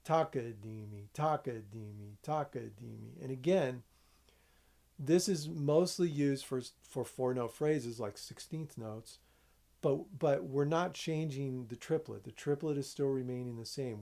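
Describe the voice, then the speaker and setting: A man's voice: medium pitch, measured pace, dark tone. A man teaching a music lesson, explaining rhythm step by step, counting aloud and checking in with his students.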